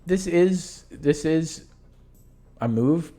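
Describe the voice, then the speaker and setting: A man's voice: mid-range voice, a little slow, darkish tone, soft background music. A young man who is losing his voice, talking casually through his own chess tournament games on a live stream. He rambles, stops to correct himself and lets sentences trail off.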